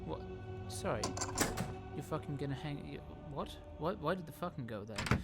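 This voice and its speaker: A man's voice: a little high, expressive, normal speed. A man hosting a horror game playthrough, chatting casually with a friend, laughing often, easily flustered and swearing freely. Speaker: host playing a horror game. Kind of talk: casual chat while gaming. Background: loud game music.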